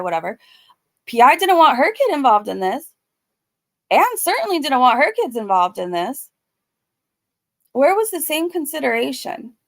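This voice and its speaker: A woman's voice: fairly high pitch, no echo. A woman giving a blunt, casual commentary recap who swears freely. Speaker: YouTube commentator.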